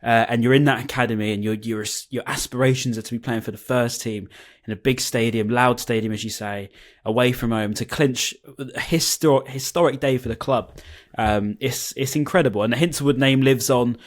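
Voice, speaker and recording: A man's voice: mid-range voice, steady tone, fairly quick. Chatty man on a video call. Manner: chatty, enthusiastic, many restarts and fillers. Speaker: podcast co-host. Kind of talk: casual football chat.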